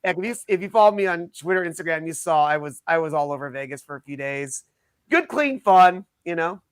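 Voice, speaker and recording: A man with a fairly high voice co-hosts a casual podcast. He chats and jokes with quick asides. The sound is dry and close. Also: animated, smooth, no room sound. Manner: chatty, joking, quick asides. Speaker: podcast co-host. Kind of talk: casual chat.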